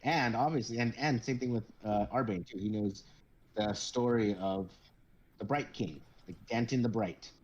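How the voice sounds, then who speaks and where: A man narrating as game master of a tabletop game, casual and halting. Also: mid-range voice, a little mellow.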